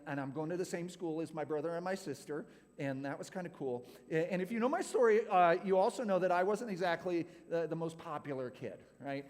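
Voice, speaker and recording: A man from California talks to a youth group, telling a story from his own life in a loose, chatty way full of "like" and "right?". His voice sits a little high for a man. The sound carries a long hall reverb. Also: a little mellow.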